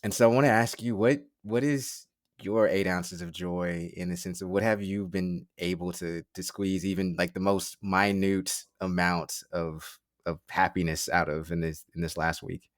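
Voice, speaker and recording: A man hosting a podcast, speaking in a halting, earnest way with many pauses. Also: low-pitched, steady tone, dry recording, clean studio sound. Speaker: podcast host. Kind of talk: casual podcast chat.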